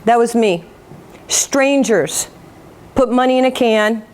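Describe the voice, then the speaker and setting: Woman in her 50s from new york, fired-up storytelling talk, fairly high voice, jokes at her own expense. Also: slow, a little hiss or hum. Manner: animated, acts out quotes, self-mocking humor. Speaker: motivational speaker. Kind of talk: motivational storytelling speech.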